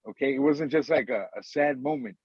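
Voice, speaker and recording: A man's voice: medium pitch, a little fast, breathy edge, no echo, lo-fi sound. A man co-hosting a podcast in casual, profane chat, rambling and saying "dude" all the time. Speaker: podcast co-host.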